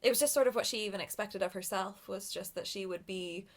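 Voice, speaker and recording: A woman co-hosting a casual film podcast. She talks in a relaxed, chatty way, giggles often and drifts off into little asides. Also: mid-range voice, fast talker. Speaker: podcast co-host.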